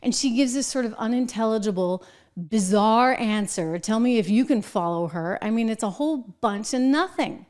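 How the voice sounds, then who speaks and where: A middle-aged woman hosting a political commentary show, talking in an animated, sarcastic way with mocking asides. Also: on the high side, moderate pace.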